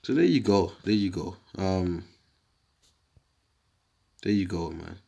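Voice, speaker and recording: A man with a somewhat low voice talks through a scripture lesson in a loose, unscripted way. He rambles and turns combative, tossing in slang as he goes. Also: animated, slow, creaky, dark tone. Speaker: video teacher.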